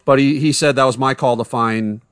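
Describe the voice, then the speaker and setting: A man's voice: mid-range voice, steady tone, brisk, a bit bright, dry recording, studio quality. A man co-hosting a podcast in casual chat, blunt and indignant, careful about exact terms. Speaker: podcast co-host.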